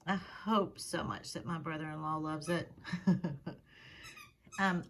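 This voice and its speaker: Slow, chatty woman gushing. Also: lowish voice, a bit bright. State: out of breath. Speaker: fluid art painter. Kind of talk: casual craft vlog narration.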